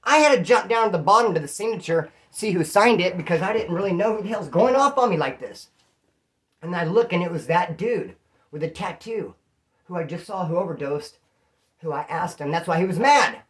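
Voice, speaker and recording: A man recounting a jail story in loose, slang-heavy talk. He keeps the telling lively by putting on the voices of the people in it. His tone stays casual and conversational throughout. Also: high voice, fairly quick. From California. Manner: slangy, animated, acts out quoted voices. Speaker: prison storyteller.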